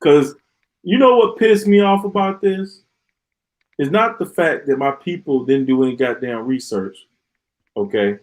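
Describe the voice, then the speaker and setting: A man's voice: fairly high pitch, measured pace, poor audio. A man hosting a live stream, ranting in an exasperated, sarcastic way and often repeating himself. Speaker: podcast host.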